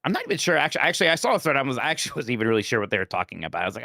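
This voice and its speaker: A man's voice: medium pitch, lively intonation, racing, gravelly, few pauses, pushed and bright, no room sound, clean studio sound. A man co-hosting a podcast in casual chat, self-deprecating and laughing often. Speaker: podcast co-host.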